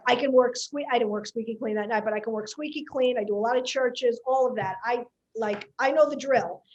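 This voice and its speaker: A woman comedian, telling a story in casual podcast chat, animated and chatty. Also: fairly high pitch, fairly quick, lo-fi sound.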